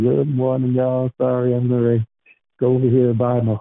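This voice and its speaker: A man's voice: medium pitch, monotone, normal speed, no room sound, phone-quality sound. A man praying on a phone prayer line, talking with emotion and repeating his thanks over and over. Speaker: caller sharing praise and testimony. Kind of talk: heartfelt phone prayer and testimony.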